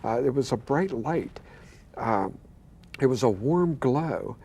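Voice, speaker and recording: A man's voice: mid-range voice, expressive, takes it slowly, mellow, slightly rough. Earnest older man telling a testimony. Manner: earnest storyteller who quotes voices and stammers. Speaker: pastor and guest.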